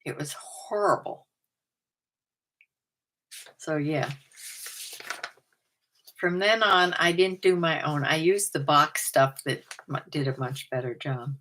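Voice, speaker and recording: With a low, sharp-toned voice at a moderate pace and hardly any pauses, an older woman vlogs at home over a little hiss or hum. The vlogger and part-time reseller casually works through a numbered list about herself to camera, often laughing at her own remarks.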